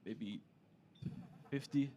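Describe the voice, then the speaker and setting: A man voicing a grumpy, stone-faced male bazaar trader who answers in a low, flat, curt voice. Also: extremely slow, muffled recording.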